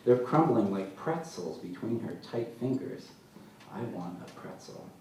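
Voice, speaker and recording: A man as an author at a live literary reading, telling his story in a dry, deadpan way, recorded from far off in a large hall. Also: fairly low pitch, measured pace. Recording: echoey hall, mic far off, faint noise.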